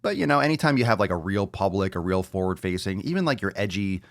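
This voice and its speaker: Expressive and fast, a low-pitched male podcast host rants solo with bluntness and sarcasm, swearing often and repeating lines to hammer points home. He then turns to audience questions. The sound is clean studio audio with no room sound.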